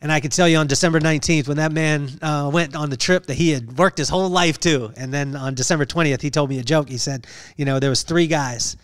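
A man's voice: on the high side, steady tone, fast, few pauses, no echo. Earnest male podcast host, dry sound. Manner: earnest, preacher-like, repeats phrases. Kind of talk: emotional personal storytelling.

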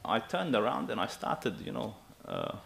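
A man in his thirties preaching a sermon in an animated, emphatic way, often checking with his listeners. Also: fairly low pitch, moderate pace, vocal fry. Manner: animated and emphatic, with asides to the audience.

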